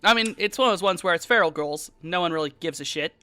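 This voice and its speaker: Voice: medium pitch, fast, sharp tone, clear, resonant tone, no room sound. A game master who explains the scene to players in a rambling, conversational way. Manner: rambling, filler-heavy, conversational.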